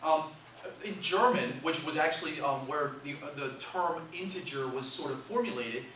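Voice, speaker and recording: A man's voice: a little high, moderate pace, a bit bright, distant mic, a little hiss or hum. Joking male math lecturer, echoey classroom. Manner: jokey, tags nearly every phrase with "okay?".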